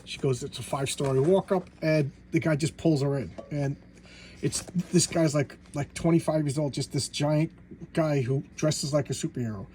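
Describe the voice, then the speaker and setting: Animated man retelling comic stories. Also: a little high, moderate pace, a little hiss or hum. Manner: animated, acts out quotes in character voices. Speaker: comic book reviewer. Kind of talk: casual story retelling.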